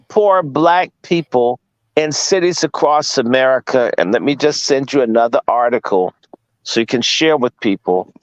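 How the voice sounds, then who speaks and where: A guest speaker from Washington, D.C. gives a casual lecture, blunt and profane, firing rhetorical questions at his listeners. His voice is a little high, and the audio is poor though without echo.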